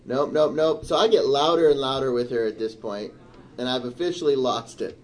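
A middle-aged man telling a story in casual chat, animated and turning indignant as he goes. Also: mid-range voice, fairly quick. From Michigan, USA. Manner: animated, rising to indignant outbursts. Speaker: storyteller on a talk show.

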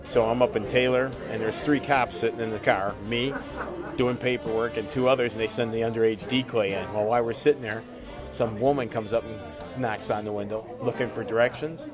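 A man's voice: medium pitch, steady tone, brisk, music in the background. A man who is a police officer, casually telling a funny work story and laughing as he goes. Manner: chatty, laughs through his own story.

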